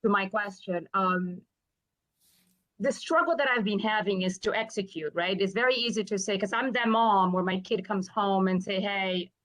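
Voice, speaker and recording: Woman from São Paulo, eager audience questioner, gushing and emotional, mid-pitched voice. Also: normal speed, poor audio. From São Paulo, Brazil. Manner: warm, gushing, emotional, talks in a rush. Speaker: audience member asking a question. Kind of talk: live Q&A question.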